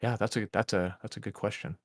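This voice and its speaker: A man's voice: on the low side, steady tone, quick pace, dry recording, clean studio sound. A man co-hosting a podcast over a voice call, ranting with lots of swearing and acting out his own outbursts. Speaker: podcast co-host. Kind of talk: casual chat over a call. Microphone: voice call mic.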